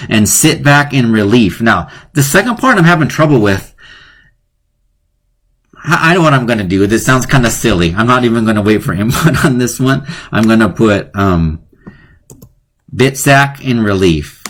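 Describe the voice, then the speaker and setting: A man's voice: medium pitch, lively intonation, moderate pace, a bit bright. A man hosting a live online lesson, playful and chatty, often chuckling at his own jokes. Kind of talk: casual live-streamed lesson.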